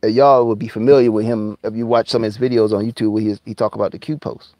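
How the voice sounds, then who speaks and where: A man ranting angrily and profanely on his live stream, repeating himself and sometimes drawling words out slowly. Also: fairly low pitch, fairly even intonation, warm tone, dry recording. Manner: heated, profane, repetitive, drawling slowdowns. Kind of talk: angry conspiracy rant on a live stream.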